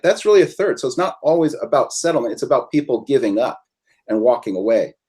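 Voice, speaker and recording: On a webinar, a male attorney guest walks through legal outcomes step by step in plain, conversational terms, speaking in a measured way. His mid-range voice is animated yet a little mellow, with a breathy edge.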